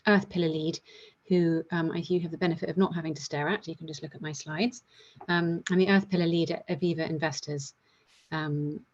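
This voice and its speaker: Deep, breathy-voiced woman, chatty webinar presenter, dull call audio. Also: darkish tone. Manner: casual, chatty, with many fillers. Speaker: investment manager speaking at a webinar. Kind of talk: presenting slides in an online webinar. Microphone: video call.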